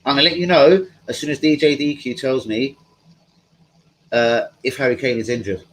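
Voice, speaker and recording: A man's voice: medium pitch, fairly even intonation, moderate pace, poor audio. A man hosting a live stream from home, chatting casually in a rambling, slangy way and talking to his viewers. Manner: rambling, slangy, talks to chat.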